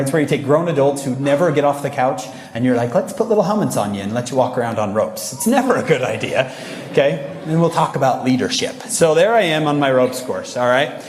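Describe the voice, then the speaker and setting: Male motivational speaker, lively storyteller with audience asides, long hall reverb. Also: mid-range voice. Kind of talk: motivational talk to a young audience. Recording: echoey large hall.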